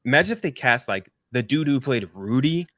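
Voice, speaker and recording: Man in animated casual movie chat, dry sound. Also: mid-range voice, fairly quick, dry recording. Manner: animated, laughs while telling anecdotes. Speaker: podcast co-host.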